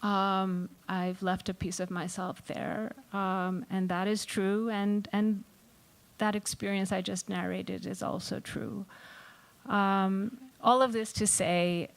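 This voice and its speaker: A woman author speaking on a festival panel, reflective and halting, with frequent ums and restarts. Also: mid-range voice.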